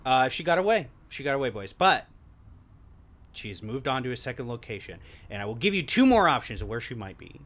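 A man's voice: mid-range voice, a little fast. A man runs a casual podcast guessing game. His voice rises and falls a lot as he teases his co-hosts and laughs at his own stories. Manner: animated, teasing, laughs while telling stories. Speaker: host.

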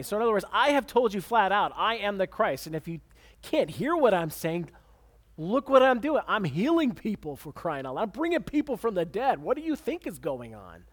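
A male pastor delivers a sermon in a fairly high voice. He reads scripture and then drives his points home with emphatic restatements and repeated words. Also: sing-song, normal speed. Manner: emphatic preaching with repeated words and sudden pitch swings.

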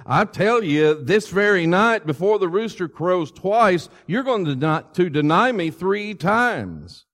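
A man preaching a sermon voicing Jesus as a calm, solemn man speaking with measured deliberateness. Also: high voice, big-room sound, pitched above the performer's own voice, full character voice. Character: calm, solemn male teacher foretelling events.

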